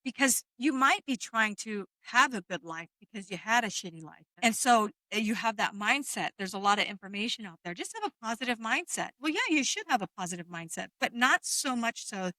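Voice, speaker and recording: A woman's voice: fairly high pitch, animated, a little fast, few pauses, bright, forceful tone, no echo. A woman energy healer talking frankly in a casual podcast chat, explaining with the odd swear word.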